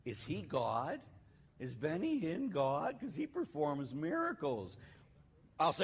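A man, a Catholic priest, giving a sermon in a relaxed, conversational storytelling manner with playful asides. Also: fairly high pitch, slow pace, husky. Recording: long hall reverb.

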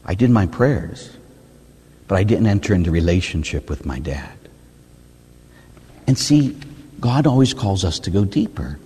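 A man, a Catholic priest, preaching a sermon in an animated, rhetorical way, often asking "huh?". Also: sits low, unhurried, long pauses, breathy edge. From United States. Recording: reverberant hall.

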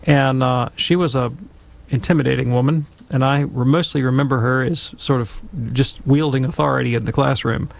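A man's voice: medium pitch, fairly even intonation, moderate pace, creaky. A middle-aged man telling a wry, self-deprecating anecdote, then giving theological commentary in a Catholic discussion.

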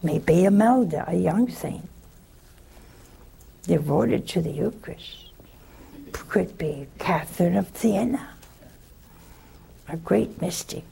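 Slow gravelly-voiced religious sister. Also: female voice, on the low side, expressive, mellow. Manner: folksy, chuckling storyteller. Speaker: religious sister answering callers. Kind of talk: call-in advice with storytelling.

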